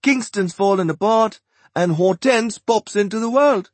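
A man's voice: sits high, unhurried, dry recording, voice pushed up. A man voicing a hearty, blustering middle-aged Englishman.

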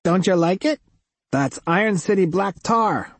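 A man voicing a tired woman waitress in an audiobook, with a flat, nasal voice. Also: high voice, a little slow, dry recording, pitched above the performer's own voice, full character voice. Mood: weary.

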